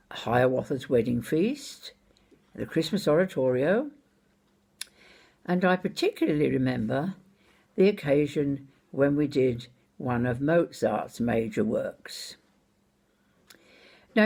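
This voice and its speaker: An older Scottish woman telling a personal anecdote in an unhurried, wry and expressive way. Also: a bass voice, vocal fry, breathy edge. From Scotland. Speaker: storyteller.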